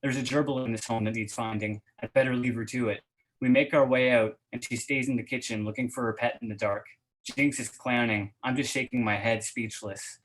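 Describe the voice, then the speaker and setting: Male reader, mid-pitched, steady fiction reading, halting chat in between. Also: low-quality recording. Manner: steady first-person reading, hesitant with fillers when chatting. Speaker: guest reader. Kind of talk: reading fiction aloud at an online reading event.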